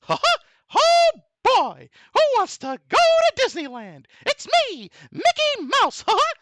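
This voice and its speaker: A man voicing a tiny, cheerful cartoon mouse in a squeaky, gleeful falsetto. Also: wildly swooping pitch, unhurried, bright, forceful tone, dry recording, studio quality, exaggerated voice. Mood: giddy. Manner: squeaky, gleeful, sing-song.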